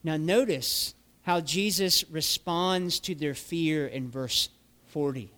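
A man's voice: on the high side, slow, fairly bright tone. A man preaching a sermon as a pastor, earnest and full of rhetorical questions.

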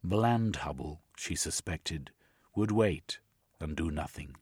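A man reading a story aloud with a very low, husky voice. His narration is quiet and measured. The sound is close and dry, with no room around it. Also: animated, no echo. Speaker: audiobook narrator. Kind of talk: scripted narration.

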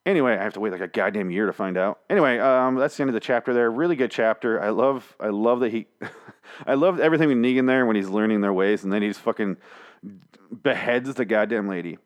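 Speaking fast in a fairly low voice, a man does a rambling, profane, jokey recap on his solo podcast. He's in a small studio with headphones on and a studio mic.

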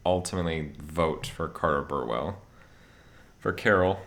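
A man's voice: very deep voice, unhurried, a bit bright. A man reading nominee lists and giving his picks in a casual chat, joking about how names are pronounced. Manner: reads nominee lists, jokes about name pronunciation. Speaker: podcast co-host. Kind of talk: casual film awards chat.

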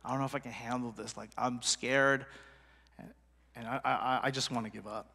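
A man voicing a frightened, worn-out male prophet who wants to give up, in a hushed, low, quiet voice. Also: fairly even intonation, normal speed, gravelly, slightly rough, long reverb tail, full character voice. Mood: despairing.

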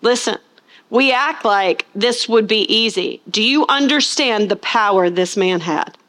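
A woman's voice: mid-range voice, a little slow, fairly bright tone. A woman preaching a sermon, stressing key words and asking her listeners rhetorical questions. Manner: asks the congregation rhetorical questions; acts out scenes in funny voices.

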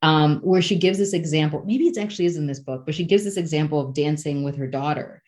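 Woman, low voice, casual podcast chat, reflective, animated, restarts sentences. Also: fast.

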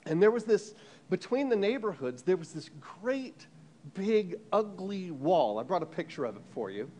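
American guy giving a sermon, kinda high voice, tells it like a story, lots of restarts. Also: moderate pace, a little hiss or hum. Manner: animated storytelling with frequent restarts and repeated words.

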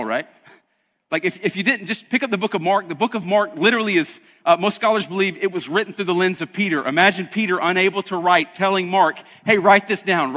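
High, bright-voiced preacher in a hall. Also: male voice. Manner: emphatic, conversational preaching. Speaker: pastor. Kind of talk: sermon.

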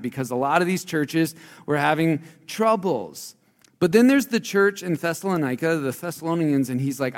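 Guy preaching in a church hall, casual tone, gets loud then drops quiet, big echo. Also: a little high, animated, normal speed. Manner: conversational preaching, swings between loud emphasis and quiet asides. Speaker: pastor. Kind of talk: sermon.

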